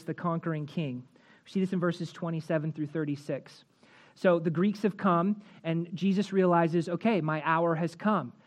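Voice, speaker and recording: A woman preaching a sermon, walking through scripture verse by verse and rising in pitch and force at emphatic points. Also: darkish tone. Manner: rises in pitch and volume at emphatic points, slows for key phrases; expository, walks through verses.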